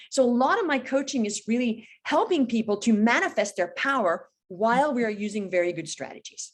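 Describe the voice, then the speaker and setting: Animated, emphatic woman in her fifties. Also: on the high side, a little fast, few pauses. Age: 50s. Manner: energetic, emphatic, animated storytelling. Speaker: business coach guest. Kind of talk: podcast interview.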